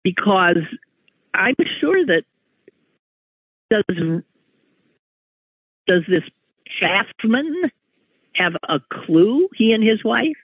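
Male talk host, slow and husky, opinion monologue over a tinny phone-like line. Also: high voice, big pitch swings, dry recording. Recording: tinny phone-like radio audio.

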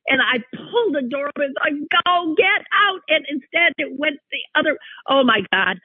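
Man, husky voice, swooping animated delivery, dry close sound, rambling anecdote. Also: very high-pitched, dry recording. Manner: animated, exclaiming, self-interrupting. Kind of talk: personal anecdote monologue. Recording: tinny phone-like line, dry.

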